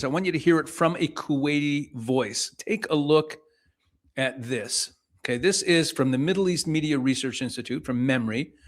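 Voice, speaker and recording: A man giving political commentary to camera, explaining news and reading excerpts aloud, with frequent restarts. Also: on the high side.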